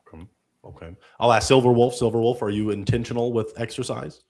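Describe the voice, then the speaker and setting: A man hosting a live dating show with a playful, hyping delivery. He heaps praise on his guests and keeps things moving between them. His pitch sits in an ordinary middle range. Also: fairly even intonation, fairly quick, a little mellow. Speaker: host.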